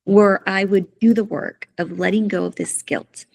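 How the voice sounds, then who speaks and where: A middle-aged woman telling a personal story in an interview, soft-spoken, halting and emotional. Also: medium pitch, fairly even intonation, gravelly. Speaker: guest, coach.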